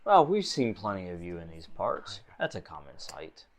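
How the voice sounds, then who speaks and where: A man's voice: sits low, huge pitch swings, normal speed, heavily acted. A man voicing a flamboyant male arena grandmaster in a tabletop game, with theatrical, enthusiastic proclamations. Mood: smug.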